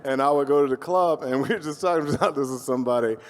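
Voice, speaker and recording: A man telling stories on a convention panel as a voice actor, animated and motivational, joking as he gives advice. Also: medium pitch, fast talker. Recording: roomy hall reverb.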